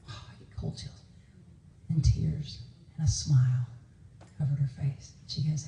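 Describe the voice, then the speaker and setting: A woman's voice: on the low side, lively intonation, measured pace, darkish tone, a little hiss or hum. A woman minister giving a conversational sermon, telling stories with laughs and quoted voices. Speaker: guest minister. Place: church sanctuary. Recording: echoey church from a distance.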